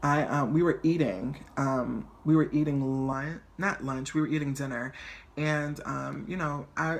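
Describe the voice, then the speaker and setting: Gravelly, flamboyant young man vlogging. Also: mid-range voice, slight background noise. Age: 20s. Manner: flamboyant, animated, chatty. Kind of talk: casual storytelling vlog.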